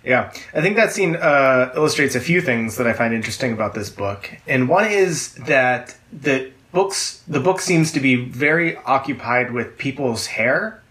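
A man's voice: medium pitch, lively intonation, normal speed, hardly any pauses, fairly bright tone. A man joining a casual book discussion, wry and joking.

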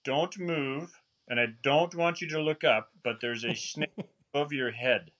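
A man voicing a male professional hunting guide in a rough put-on South African accent, giving low, steady, urgent instructions. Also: measured pace. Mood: calm warning.

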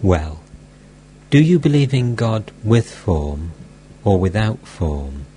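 Old mystic teacher, blunt yet affectionate, read by a man, low-pitched, very slow. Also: very animated, warm tone, slight background noise.

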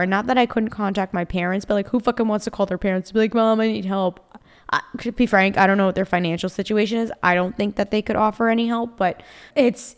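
A woman's voice: mid-range voice, clean tone. A young woman hosts her own podcast alone and talks straight to her listeners. She is blunt and confiding, often emotional, and swears freely as she speaks. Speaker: podcast host. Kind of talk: candid solo podcast monologue.

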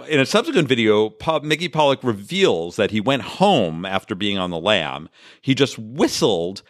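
Lively, laughing male podcast co-host. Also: mid-range voice, no room sound, clean studio sound. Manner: jokey storytelling, frequent laughs. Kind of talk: casual comedic chat.

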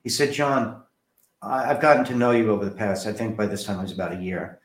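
Talking fast in a fairly low voice, this New Jersey author and director tells stories from his life as an interview guest, performing the quoted voices with gusto. The sound is roomy.

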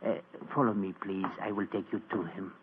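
An actor playing a faithful old German manservant with a German accent, formal and deferential, in 1940s radio acting. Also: male voice, low voice, steady tone, brisk, very noisy, lightly acted. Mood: hushed. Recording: tinny old radio broadcast.

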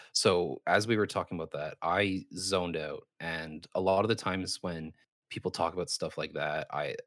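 Low-voiced rambling podcast co-host, a man. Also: a bit bright, no room sound, studio quality. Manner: rambling, self-mocking, halting. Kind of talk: casual chat.

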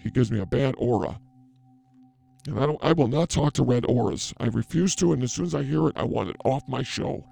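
A man's voice: mid-range voice, lively intonation, fairly quick, vocal fry, warm tone. A man playing a brash self-declared psychic healer in an improvised comedy bit, talking in a theatrical, blustering way. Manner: over-the-top, theatrical, blustering.

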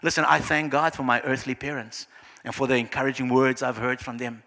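A male pastor, preaching a sermon with emphatic swings between loud, high lines and quiet, low ones. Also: fairly even intonation, brisk, long reverb tail.

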